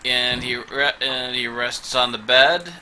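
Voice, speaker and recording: A man narrating a tabletop game as game master, unhurried and hesitant with fillers. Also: medium pitch, sharp tone, slight background noise, poor audio.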